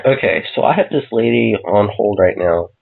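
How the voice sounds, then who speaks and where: A man prank calling as customer service, calm and mock-polite. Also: fairly low pitch, moderate pace, gravelly, breathy edge. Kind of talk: prank phone call. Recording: tinny phone line.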